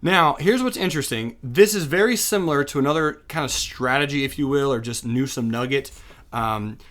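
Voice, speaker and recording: Casual male trading instructor, young adult, mid-pitched, talks through charts off the cuff with plenty of "uh" and restarts. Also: moderate pace, a bit bright. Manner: casual, chatty, thinking aloud with fillers and self-corrections. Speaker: day trading teacher. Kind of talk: screen-share chart lesson.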